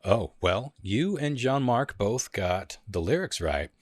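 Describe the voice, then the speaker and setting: Playful low-voiced man hosting a quiz. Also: sing-song, takes it slowly, hardly any pauses, no echo, clean studio sound. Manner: playful, laughs often, sings lyrics in a high falsetto. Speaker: host running a lyrics quiz. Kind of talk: casual podcast chat.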